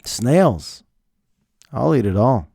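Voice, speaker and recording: Gravelly, animated male podcast host. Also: mid-range voice, very slow, dry recording, studio quality. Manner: rambling, animated, profane storytelling. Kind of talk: comedic podcast monologue.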